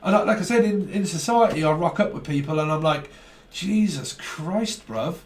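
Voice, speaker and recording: A man giving a casual, rambling tarot reading, animated and full of slang and swearing. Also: a little high, fast. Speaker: tarot reader. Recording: roomy sound from a mic at a distance.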